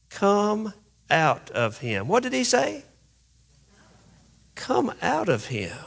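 Man, pastor, casual storytelling sermon, slightly high voice, wry humor. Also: a bit bright. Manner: conversational, humorous storytelling, pace shifting from quick asides to slow emphasis.

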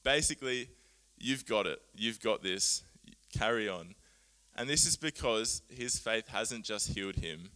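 A man preaching a sermon, earnest and animated, often laughing at himself as he explains Bible words. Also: fairly low pitch, a little slow, few pauses.

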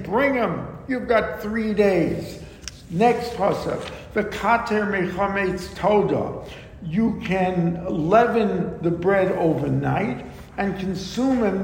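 A man teaching a verse-by-verse Bible lesson, explaining slowly and deliberately with frequent ums and asides. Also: sits high, a little mellow. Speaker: Torah teacher. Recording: echoey room with long reverb and faint background noise.

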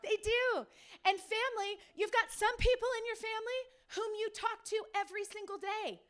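A woman pastor preaching a sermon, telling stories in a lively way, acting out the people in them and putting questions to her listeners. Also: very high voice, moderate pace. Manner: lively storytelling, acts out quoted people; speaks to the audience directly with questions.

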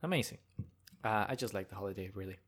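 A man's voice: on the low side, animated, fast, a bit bright. A young man hosting a casual solo rant, rambling and joking with frequent chuckles. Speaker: podcast host.

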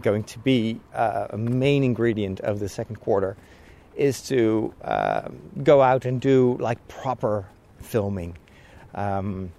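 A man's voice: mid-range voice, warm tone, a little hiss or hum. A man talking casually on a walking vlog, rambling and chatty with frequent laughs, a little out of breath from walking outdoors. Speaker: vlogger. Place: outdoors on a walk.

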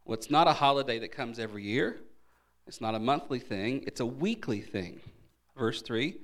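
A man delivering a sermon in an emphatic teaching voice. He poses questions to the congregation and answers them, swinging between loud stressed words and softer asides. His voice sits at an ordinary middle pitch for a man. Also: lively intonation, normal speed. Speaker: pastor. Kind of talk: evening Bible teaching sermon.

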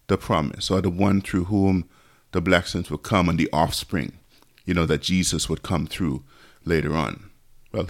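A man's voice: sits low, creaky. A man teaching a Bible passage in a casual way, thinking aloud with asides and reading scripture aloud.

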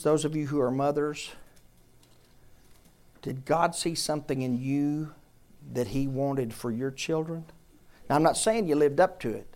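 A man pastor giving a conversational sermon in church, repeating his questions and drawing answers from the congregation. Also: a little high. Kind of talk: interactive sermon.

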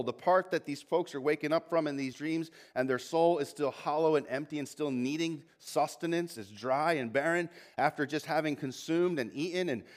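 Animated male pastor preaching a sermon. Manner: animated preaching with asides and repeated restarts; rises in pitch and volume when reading scripture aloud. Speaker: lead pastor. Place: church sanctuary.

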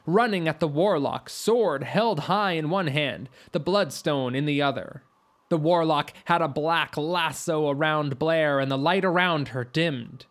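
A woman narrating a fantasy story in a steady, even reading. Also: low voice. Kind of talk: audiobook narration.

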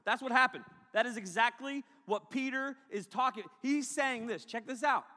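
A male pastor preaching a sermon to a congregation in a large hall, joking and animated, breaking into shouts. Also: very high voice, moderate pace, hardly any pauses. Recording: long hall reverb.

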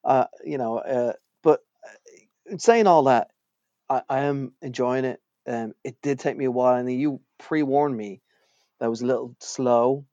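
A man's voice: unhurried, dark tone, dry recording. A man with a mid-range voice chats casually as a podcast co-host, wry and loose with swearing, and his voice jumps up when he jokes. The recording is dry and close, with a slightly dull, muffled sound. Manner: wry, profane, jumps in pitch when joking. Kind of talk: casual chat.

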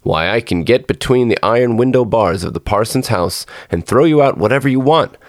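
A man's voice: mid-range voice, lively intonation, a little fast, no room sound, studio quality, lightly acted. A man voicing a tiny, bold and playful boy in a storybook reading, with a chirpy, cheeky voice. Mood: bawling.

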